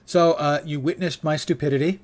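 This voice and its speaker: Older man streaming, voice going hoarse. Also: on the high side, fairly even intonation, a little fast, a little mellow. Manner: wry, rambling, swears casually. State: losing his voice. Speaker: game streamer. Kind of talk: casual live-stream commentary.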